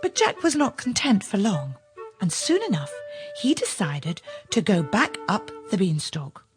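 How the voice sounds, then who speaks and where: Expressive woman telling a fairy tale. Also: medium pitch, music in the background. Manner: expressive, drawn-out storytelling. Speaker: storyteller. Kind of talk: scripted fairy-tale narration.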